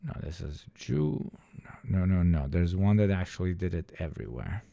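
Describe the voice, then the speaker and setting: A man's voice: low voice, animated, moderate pace, creaky, dark tone, dry recording, dull audio. A young man from the former Yugoslavia giving a casual, profane, ranting reaction commentary and mimicking other people. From former Yugoslavia, Balkans. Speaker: reaction streamer.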